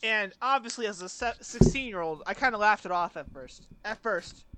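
A man's voice: high-pitched, lively intonation, normal speed, pushed and bright, slight background noise. A young man co-hosting a casual podcast chat, rambling, crude and self-mocking, laughing through his stories. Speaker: podcast co-host.

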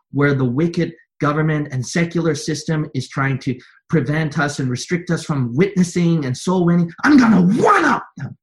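Man preaching with rising intensity. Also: on the high side. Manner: repetitive preaching refrains, building to forceful exhortation. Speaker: pastor. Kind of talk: sermon.

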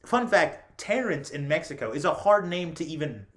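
A slightly high-voiced man hosts a podcast at an ordinary pace. He's a lively storyteller in easygoing conversation, often laughing and performing the quotes he relays.

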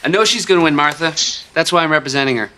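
An actor playing a smooth, slick male talent agent in a film comedy, with a bright salesman's patter. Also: a little high, expressive, rapid-fire.

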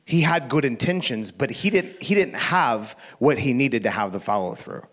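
A middle-aged pastor preaching a sermon, telling stories in a relaxed, conversational way with restarts and chuckles. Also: male voice, mid-range voice, normal speed. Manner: conversational storytelling with frequent laughs and restarts.

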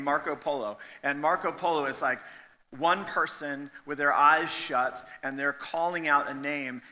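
A man's voice: fairly high pitch, sharp tone. A man in his thirties preaching a sermon in a church, conversational and joking but emphatic. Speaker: pastor. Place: church sanctuary. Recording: long hall reverb.

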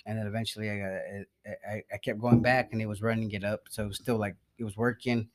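A man's voice: fairly low pitch, flat delivery, fast, hardly any pauses. A young man chatting casually on a podcast, rambling and swearing, often trailing off and laughing between thoughts. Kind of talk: casual chat.

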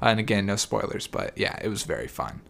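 Young male co-host, animated delivery with some vocal fry, upbeat and opinionated. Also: on the low side, quick pace. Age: young adult. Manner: laughs often, upbeat and opinionated. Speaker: podcast co-host. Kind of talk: casual chat.

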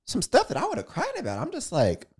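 Expressive young man telling a story. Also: high-pitched, quick pace, slightly rough. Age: young adult. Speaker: podcast co-host. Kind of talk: casual chat.

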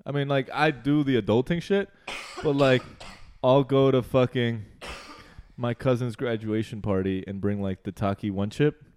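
A man's voice: mid-range voice, moderate pace, smooth. A young adult man in a casual chat, telling a story in a loose, profane way with lots of "like". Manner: animated, profane storytelling, heavy use of "like".

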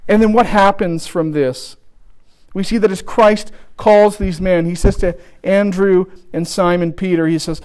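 A man preaching a sermon, telling a story with restarts and slowing down for emphasis. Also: high voice, steady tone, a little mellow, clear, resonant tone.

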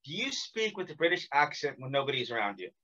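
An American podcast host with a mid-range voice talks fast in a casual interview chat, energetically joking and teasing his guest. The recording sounds muffled.

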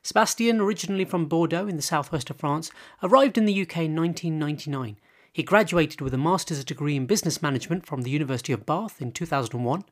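A man hosts a podcast with an upbeat, fairly high voice. He reads the guest's introduction smoothly and then chats with the guest in a friendly way. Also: quick pace. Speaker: podcast host.

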